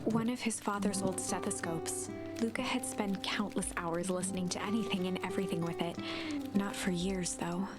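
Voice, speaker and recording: A woman as a gentle, mysterious storybook narrator, measured and confiding. Loud game music plays right under her voice. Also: medium pitch, fairly even intonation, natural voice.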